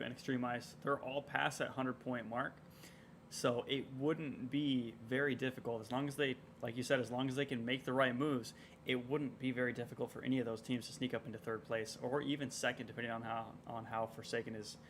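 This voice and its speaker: A man co-commentating a live esports stream in an easygoing way, giving shout-outs and sponsor reads. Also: mid-range voice, slight background noise.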